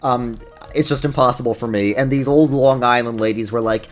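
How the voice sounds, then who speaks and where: A man's voice: mid-range voice, fairly even intonation, fairly quick. Young man, New York accent, casual gameplay commentary, rambling, self-deprecating, faint music behind. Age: young adult. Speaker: YouTuber host.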